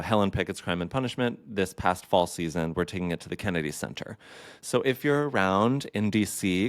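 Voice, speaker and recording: Chatty deep-voiced man hosting a podcast. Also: smooth, no echo, clean studio sound. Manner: chatty and playful, with campy asides. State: caffeinated. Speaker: podcast host. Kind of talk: casual solo podcast chat.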